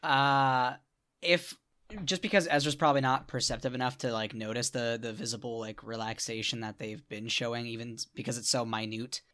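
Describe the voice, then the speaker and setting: A man explaining his character's plans in a tabletop game, rambling and filler-heavy. His tone is bright and forward. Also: medium pitch, little pitch movement, moderate pace, clean tone. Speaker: player.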